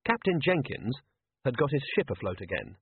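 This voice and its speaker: A man narrates an audiobook with expressive storytelling. His voice is husky and swings widely in pitch. The sound is dry and thin, like a phone line. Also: moderate pace, dry recording. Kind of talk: scripted narration.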